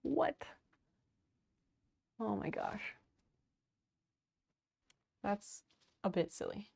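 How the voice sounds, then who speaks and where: A woman's voice: medium pitch, unhurried, a little mellow. A woman livestreaming from her home office, chatting casually as she sorts and works, greeting and thanking viewers and laughing often. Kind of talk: casual livestream chat while doing home chores.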